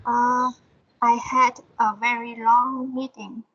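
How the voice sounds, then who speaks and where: A woman's voice: on the high side, level tone, slow pace, fairly bright tone, highs cut off. A woman with a Vietnamese accent, a student in an English lesson, reading her answers aloud hesitantly and carefully repeating words after her teacher.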